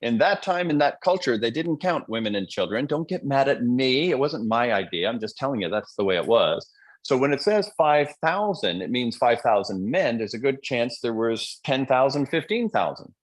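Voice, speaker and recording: Lively, joking male motivational speaker. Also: mid-range voice, moderate pace. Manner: joking, conversational, quizzes the audience. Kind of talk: live-streamed motivational talk.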